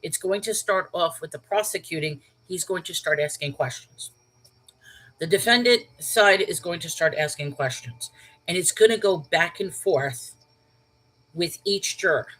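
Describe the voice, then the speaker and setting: A woman hosting her own channel, telling a personal story in a chatty, animated way and laughing at herself. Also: fairly low pitch, unhurried, low-quality recording. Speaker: channel host. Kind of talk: storytelling vlog.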